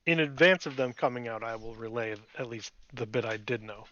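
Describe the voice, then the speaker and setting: A man playing a tabletop game, chiming in with quick in-game remarks. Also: medium pitch, fairly bright tone, dry recording, lo-fi sound. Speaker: player. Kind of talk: tabletop role-play chat.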